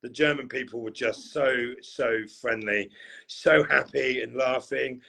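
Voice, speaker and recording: A man's voice: mid-range voice, unhurried, creaky, pushed and bright, a little hiss or hum. A man on a podcast, telling a long rambling story in a casual way, full of fillers and restarts. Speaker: podcast co-host.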